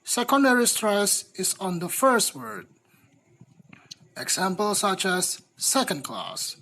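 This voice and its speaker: A young woman student reading a class presentation slowly and carefully, with small grammar slips. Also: mid-range voice, very animated, fairly bright tone, poor audio.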